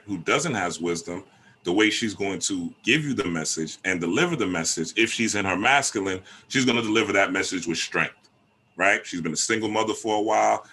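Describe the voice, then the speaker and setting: Talk host, man, low bright voice, streetwise and animated. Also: slightly rough. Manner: animated, streetwise, lots of rhetorical "right?". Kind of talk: casual monologue.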